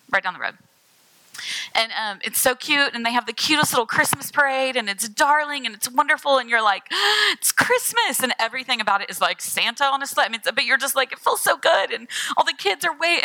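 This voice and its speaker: Bright, chatty woman preaching. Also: sits high, dry recording, poor audio. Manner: chatty, candid, self-deprecating storyteller. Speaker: guest speaker. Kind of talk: conversational sermon with personal stories.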